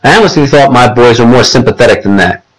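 A man's voice: medium pitch, quick pace, slightly rough, lightly acted, low-quality recording. A man voicing a caring but stern middle-aged mother in an audiobook, talking in an earnest, scolding way. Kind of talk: audiobook character voice.

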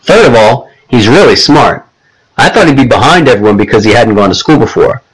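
A man's voice: mid-range voice, animated, fairly quick, husky, poor audio. A man reading a first-person novel aloud as an audiobook. His voice sits in the middle range, and his telling is casual and conversational. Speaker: audiobook narrator.

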